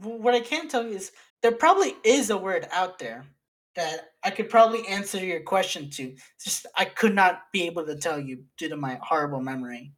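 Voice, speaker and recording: A man's voice: high voice, expressive, fairly quick, fairly bright tone. A man co-hosting a casual podcast, defensive and exasperated, swearing freely as he argues his point. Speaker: podcast co-host.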